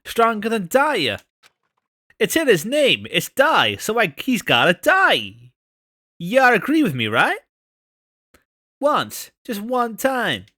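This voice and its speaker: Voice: mid-range voice, huge pitch swings, takes it slowly, pauses often, pushed and bright, no room sound, clean studio sound, pitched above the performer's own voice, heavily acted. A streamer voicing a hotheaded teenage biker in a game read-along, brash and blunt. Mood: determined. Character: hotheaded teen male biker, kid brother.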